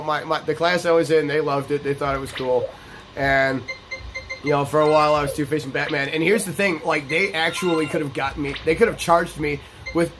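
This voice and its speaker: A young man hosting a gameplay video, telling a story in a casual, profane way with sudden high excited yelps. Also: rough recording. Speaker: gaming video host. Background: background game music.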